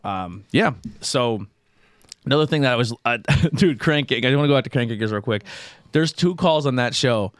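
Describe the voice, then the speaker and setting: A man's voice: medium pitch, lively intonation, a little fast, no room sound, studio quality. A man hosting a podcast, talking loosely and rambling, swearing freely as he goes. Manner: loose, profane, rambling storyteller. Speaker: podcast host. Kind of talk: casual chat. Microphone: podcast microphone.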